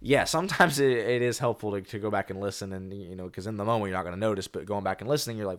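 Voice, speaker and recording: A man's voice: lowish voice, animated, quick pace, hardly any pauses. A man co-hosting a casual podcast, upbeat and agreeable, leaning on fillers like "like.". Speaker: podcast co-host.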